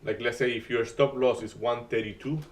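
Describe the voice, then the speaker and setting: A man hosting a live day-trading stream, talking through market moves in a halting way with many restarts and uneven grammar. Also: mid-range voice, fairly even intonation, far from the mic. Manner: halting, restarts often, non-native grammar.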